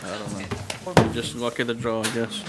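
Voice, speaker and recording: A man chairing a county board meeting in a relaxed, joking way, calling motions and votes. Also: medium pitch, moderate pace. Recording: public meeting recording with background noise.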